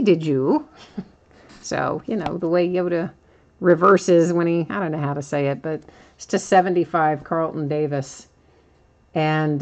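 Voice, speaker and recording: A woman with a low, unhurried voice hosts a live card break. She chats casually with viewers and laughs easily as she reads out each pull. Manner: chatty, laughs often, reads out cards. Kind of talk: casual live-stream commentary.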